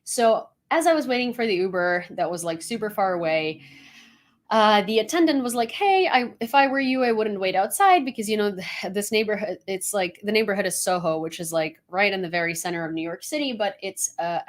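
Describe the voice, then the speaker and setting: A woman's voice: mid-range voice, fairly quick. A woman from Ukraine hosting a casual news commentary, talking in a frank, chatty and opinionated way.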